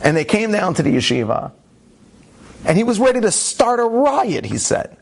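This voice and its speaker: A rabbi recounts a story in a conversational, animated style, dramatizing the quotes. His voice is high and creaky, his speed normal, with a little hiss or hum in the background.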